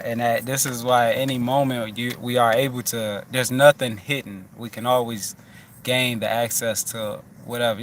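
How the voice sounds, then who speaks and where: A man's voice: medium pitch, slight background noise. A man hosting a loose, casual chat, talking in a rambling, profane way with many restarts.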